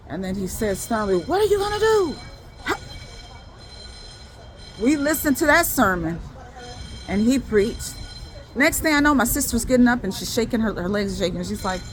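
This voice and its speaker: This faith video creator addresses her viewers directly, giving a personal testimony of her faith in a casual, wandering way and often restarting or repeating words. Her voice is a little high, and a slight hiss or hum is audible.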